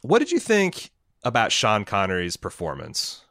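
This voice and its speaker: A man's voice: on the low side, wildly swooping pitch, moderate pace, a bit bright, no echo, clean studio sound. A man co-hosting a casual film discussion, rambling and enthusiastic, with many restarts. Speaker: podcast co-host.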